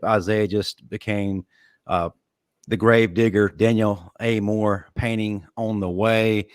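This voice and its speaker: A man co-hosting a college football show, his voice fairly low for a man. He tells a behind-the-scenes story, pausing and restarting as he goes. His sound is dry and close. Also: fairly even intonation, no room sound. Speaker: show co-host. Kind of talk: sports talk show.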